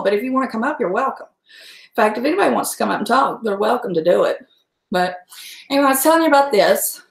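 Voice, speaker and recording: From her kitchen, a middle-aged woman with a high voice and a drawl hosts a livestream, chatty and salty, laughing often and swearing freely. Her voice is a bit bright, and the sound echoes around the room.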